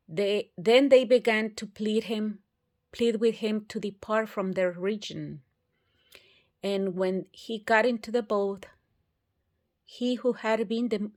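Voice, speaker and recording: A woman's voice: medium pitch, a little mellow. A woman reading scripture aloud, carefully and with occasional restarts. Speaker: Bible reader.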